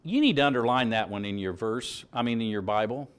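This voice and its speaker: Man preaching, voice jumps up loud on the verses then drops back to chatty asides. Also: mid-range voice, a little fast, smooth. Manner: animated preaching, reads verses aloud with rising emphasis. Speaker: pastor. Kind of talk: sermon with scripture reading.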